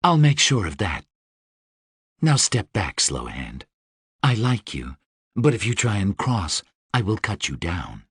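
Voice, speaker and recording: A cold, menacing winged warrior woman, put on by a male narrator in a fantasy audiobook. The voice sits deep and drawn out, each threat delivered slowly over a dry, close recording. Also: sing-song, husky, no room sound, heavily acted. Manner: low, slow and threatening.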